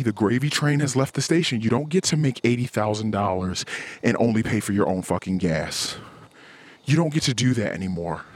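A man's voice: mid-range voice, slightly rough. A man hosting a podcast, talking in a blunt, heated, profane rant with lots of restarts. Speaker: podcast host. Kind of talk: casual podcast monologue.

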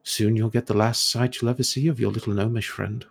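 Guy doing a gravelly, husky voice in your head, smug and menacing, talks down to you. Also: lowish voice, steady tone, fairly quick. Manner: smug, patronizing, softly menacing. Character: scheming man speaking into a hero's mind.

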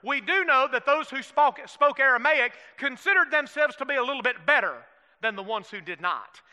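A pastor with a Southern US accent preaches in a folksy style, calling for amens and putting questions to the congregation in a church sanctuary. His voice is extremely high, clear and resonant, with a sharp tone, lively intonation and a normal speed. A long hall reverb fills the recording.

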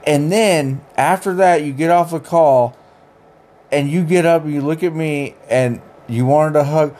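A man's voice: fairly high pitch, measured pace, darkish tone. A young adult man co-hosting a casual podcast, joking, teasing and swearing casually. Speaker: podcast co-host. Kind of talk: casual chat.

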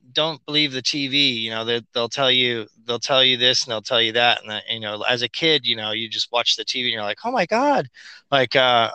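A man's voice: medium pitch, pushed and bright, clear, resonant tone, no echo. A man in casual conversation as a guest, rambling through stories and mocking quoted voices.

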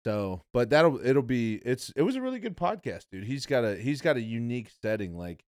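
A man's voice: mid-range voice, very animated, a little fast, a little mellow, clean tone, dry recording, studio quality. A young man hosting a podcast in casual chat, rambling and profane, calling people "bro" and "dude.". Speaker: podcast host.

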